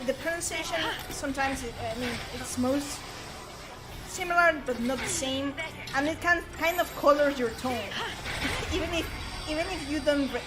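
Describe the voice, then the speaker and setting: A woman's voice: high voice, heavy background noise. A woman from Spain with a Spanish accent, chatting casually on a game stream and hunting for words with many fillers and restarts. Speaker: stream co-host.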